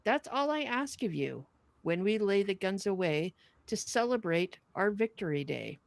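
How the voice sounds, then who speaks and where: A woman co-hosting a podcast, reading a wartime poem aloud with earnest, measured delivery and chatting casually with her co-host. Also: mid-range voice, very animated, creaky, dry recording.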